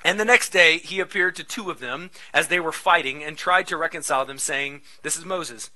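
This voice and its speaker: A man in his thirties, a pastor preaching a sermon in a conversational, animated way with frequent asides. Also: on the high side, moderate pace, low-quality recording.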